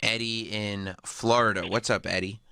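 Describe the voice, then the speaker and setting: An American man co-hosting a radio talk show, jokey and quick to riff. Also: on the low side, fairly even intonation, creaky, pushed and bright, smooth. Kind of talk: casual studio talk. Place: radio studio. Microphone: studio mic.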